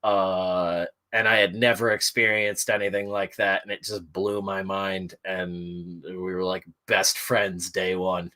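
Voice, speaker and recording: A man's voice: sits low, level tone, unhurried, hardly any pauses, sharp tone. A man hosting a casual morning stream chat, talking loosely and rambling, with lots of "uh" and the odd curse word. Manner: rambling and loose, with frequent "uh" and swearing. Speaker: stream host.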